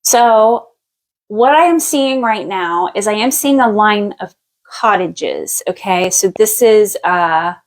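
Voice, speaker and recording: A woman in a mid-range voice leads a live past-life reading as a psychic. She talks casually and thinks out loud as she goes, often trailing off and starting again. Her tone is easygoing and she laughs readily. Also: medium pitch, low-quality recording. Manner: thinks aloud in a halting way, with many fillers and restarts; relaxed and chatty, laughs easily. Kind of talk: live-stream spiritual reading.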